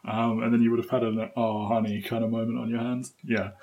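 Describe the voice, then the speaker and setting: A man's voice: medium pitch, completely flat delivery, fast talker, vocal fry, lo-fi sound. A man co-hosting a film podcast in casual, chatty talk, laughing often between points. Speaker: podcast co-host.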